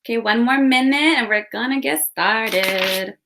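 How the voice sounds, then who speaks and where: A woman's voice: a little high, unhurried, sharp tone, a little hiss or hum. A woman hosting a live online workshop, chatting upbeat with viewers and greeting them by where they're from. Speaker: workshop host. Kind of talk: live webinar chat. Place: home room with window.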